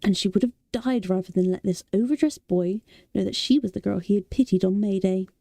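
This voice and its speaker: A woman reading a novel aloud as a soothing bedtime read-aloud, softly and slowly. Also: medium pitch, creaky, dry recording. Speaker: audiobook reader.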